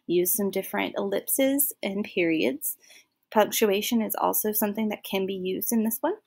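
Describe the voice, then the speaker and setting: A woman's voice: medium pitch, vocal fry. A woman teaching a recorded first grade lesson, explaining patiently and clapping out syllables. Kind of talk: recorded classroom lesson for young children.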